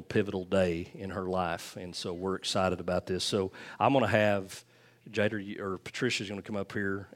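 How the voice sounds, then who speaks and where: Pastor guy, middle-aged, kinda low voice, rambly and folksy, handheld mic in church. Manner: folksy and rambling, with self-restarts and chuckles. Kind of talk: casual church talk before baptisms. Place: church sanctuary. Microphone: handheld microphone.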